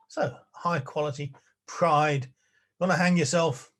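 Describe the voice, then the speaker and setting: A man's voice: fairly high pitch, fairly even intonation, measured pace, fairly bright tone. An older man from England, giving an illustrated public talk from his study at home in a chatty, wry way with small chuckles. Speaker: lecturer. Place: spare-bedroom study at home.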